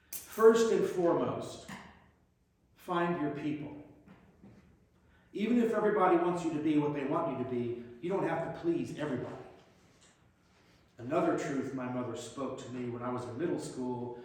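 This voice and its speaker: A man's voice: mid-range voice, a little mellow. A man giving a plainspoken, direct personal reflection to a congregation. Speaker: lay speaker giving a reflection. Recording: very echoey hall, mic far off.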